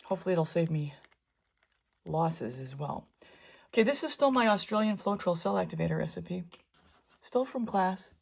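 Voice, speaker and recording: A woman's voice: fairly low pitch, animated, moderate pace, creaky, long pauses, darkish tone, husky. A middle-aged woman talking her way through a painting tutorial in a chatty, wandering way, with asides while she works. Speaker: fluid art painter teaching. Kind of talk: casual painting tutorial narration.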